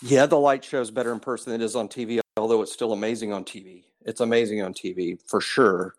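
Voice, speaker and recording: A man's voice: on the low side, steady tone, fast talker. A man co-hosting a sports podcast, rambling and breaking off his own sentences as he talks football. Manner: rambling, self-interrupting. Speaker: podcast co-host. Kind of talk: casual sports chat.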